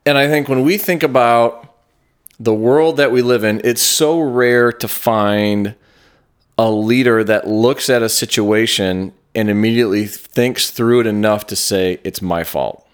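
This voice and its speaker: A man's voice: medium pitch, a little slow, smooth. Upbeat man co-hosting a podcast. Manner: upbeat, playful, then reflective and coaching. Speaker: podcast co-host. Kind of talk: casual podcast chat.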